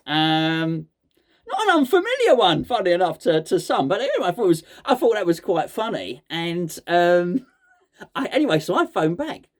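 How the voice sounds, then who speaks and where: A man's voice: sits high, sing-song, normal speed. A man hosting a casual chat, mock-serious and joking, often stumbling and repeating words. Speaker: host.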